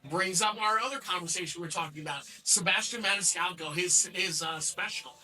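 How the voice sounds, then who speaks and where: A man's voice: sits high, fairly quick, pushed and bright, far from the mic, rough recording. A man in his forties hosting a casual podcast chat, stumbling and repeating words with enthusiasm, with a New Jersey accent. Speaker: show host.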